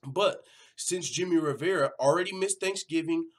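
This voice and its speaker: A man's voice: a little high, moderate pace. A man hosting an MMA news vlog, talking casually, swearing freely and acting out the quotes. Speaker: MMA news channel host. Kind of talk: casual profane commentary vlog.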